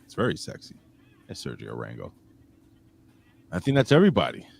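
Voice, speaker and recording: A man's voice: very deep voice, huge pitch swings, fairly quick, gravelly, husky, soft background music. A man hosting a casual wrestling podcast, joking around and calling out names from the live chat. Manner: shouts out chat commenters, jokey, swings loud and quiet. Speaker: podcast host.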